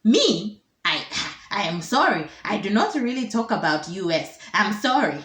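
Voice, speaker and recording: A woman's voice: medium pitch, sing-song, unhurried, a bit bright. A woman voicing an irritable, defensive older female politician who dismisses a reporter. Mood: indignant. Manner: indignant, dismissive, scolding. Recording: roomy echo.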